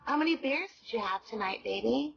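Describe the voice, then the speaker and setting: High-voiced woman with some vocal fry, mock calm and sarcastic, prank calling someone. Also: brisk, dull audio, slight background noise. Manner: falsely patient, sarcastic, then crude. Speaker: prank caller.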